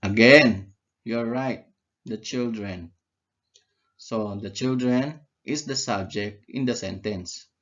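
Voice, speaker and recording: A man's voice: mid-range voice, takes it slowly, a bit bright, dull audio. A man teaching an English grammar lesson, who asks questions and answers them himself and repeats key words. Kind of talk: slow, deliberate grammar lesson.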